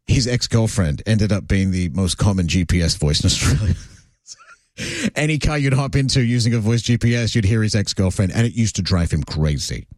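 A man hosting a radio show, chatting casually and joking with quick asides. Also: fairly low pitch, darkish tone, dry recording, studio quality. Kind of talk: casual on-air banter. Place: radio studio. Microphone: studio microphone.

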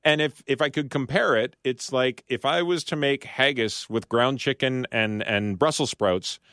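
A man's voice: mid-range voice, normal speed, a bit bright, no room sound. A man as a studio guest on a radio show, chatting about baking in a rambling, explaining way with frequent restarts. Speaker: studio guest, food commentator. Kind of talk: casual radio talk. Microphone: studio microphone.

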